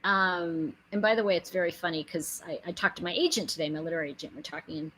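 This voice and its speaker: A middle-aged woman giving an animated inspirational talk to her viewers, telling stories, acting out quotes and building to emphatic pleas. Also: fairly low pitch, fast, breathy edge, poor audio. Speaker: spiritual speaker and host.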